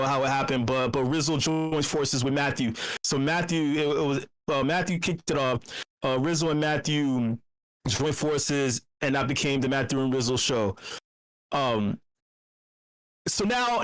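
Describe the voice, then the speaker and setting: A man hosting a casual live voice-channel show, brash and profane, teasing his listeners and swinging into loud drawn-out shouting. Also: fairly high pitch. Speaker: host of a community voice-chat show. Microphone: computer mic in voice channel.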